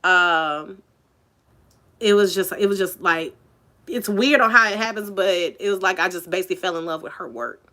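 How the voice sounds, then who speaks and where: A woman's voice: lowish voice, moderate pace, bright, forceful tone. A woman telling a personal story in a casual vlog, chatty and candid, full of "like" and "you know".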